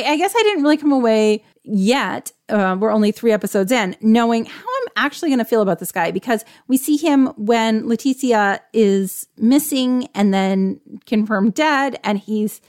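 A woman co-hosting a casual discussion, reflective and chatty, leaning on lots of filler words. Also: on the high side. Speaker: podcast co-host.

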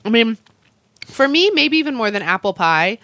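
A woman co-hosting a casual food chat, talking quickly and chatting while she eats. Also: a little high, very animated, pushed and bright, no echo. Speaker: co-host.

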